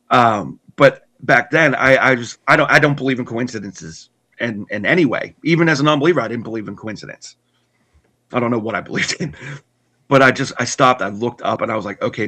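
A man earnestly telling his personal story in conversation, halting with restarts and repeats. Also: mid-range voice, bright, forceful tone. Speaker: guest telling his testimony.

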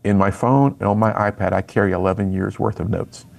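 A man's voice: fairly low pitch, steady tone, brisk, creaky, darkish tone. A middle-aged man, a youth speaker and author, telling his personal story in an interview with earnest storytelling and acted-out dialogue.

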